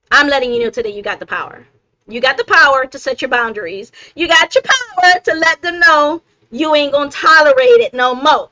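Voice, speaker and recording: A woman's voice: high-pitched, pushed and bright, no room sound, lo-fi sound. A middle-aged woman hosting a live self-help stream, talking casually and emphatically, laughing often and checking in with "right?".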